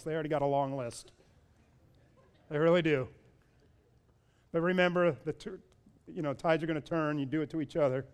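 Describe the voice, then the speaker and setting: A man preaching a sermon as pastor, pressing his listeners with rhetorical questions and building to loud, repeated appeals. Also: a little high, clean tone.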